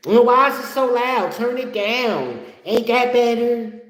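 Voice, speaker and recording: A man putting on the high, bossy voice of a nagging girlfriend ordering her man around. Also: expressive, a little slow, roomy sound, rough recording. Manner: shrill, bossy, mocking.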